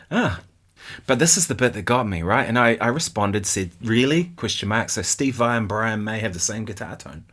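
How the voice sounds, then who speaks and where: A man's voice: on the low side, lively intonation, normal speed, fairly bright tone. A man from New Zealand with a New Zealand accent, hosting a guitar channel and chatting casually about viewer comments, often laughing and asking "right?".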